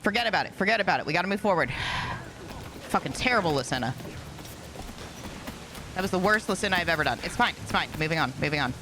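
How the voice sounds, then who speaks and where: Excitable, swearing speedrunner on stream. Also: mid-range voice, fast, pauses often, noisy background. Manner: excitable, swears, talks to self. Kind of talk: live-streamed speedrun commentary.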